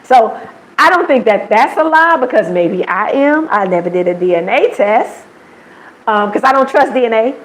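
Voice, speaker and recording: A woman with an American accent chats through a live stream in a slightly high voice. She tells stories in a lively way, mimics the people she quotes, and breaks into laughter often. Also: normal speed, poor audio. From United States. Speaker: livestream host. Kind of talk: casual livestream storytelling.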